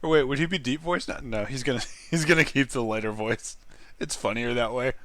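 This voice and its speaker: A man's voice: medium pitch, brisk, fairly bright tone, no echo. A young man streaming a game and commenting casually, laughing often and swearing freely.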